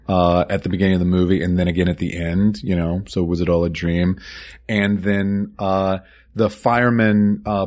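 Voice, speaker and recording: A man with a lowish voice talks through a film with a co-host in easy podcast chat. He stops for fillers and laughs often as he talks. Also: a little mellow. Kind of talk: casual movie-podcast chat.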